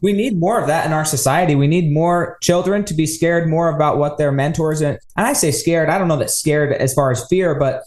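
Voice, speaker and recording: A man's voice: a little high, brisk, few pauses, a little mellow. A man hosting a podcast in casual interview chat, reflecting on his guest's story and drawing lessons from it. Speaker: podcast host. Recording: roomy echo.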